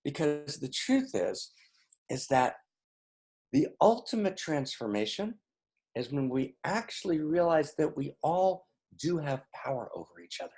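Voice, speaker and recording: A man teaches spiritual ideas on a video call, his fairly high voice swinging widely in pitch. He speaks emphatically and keeps checking in with his listeners with "right?" and "okay?". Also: sing-song, a little slow, a little mellow. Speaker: teacher leading an online session.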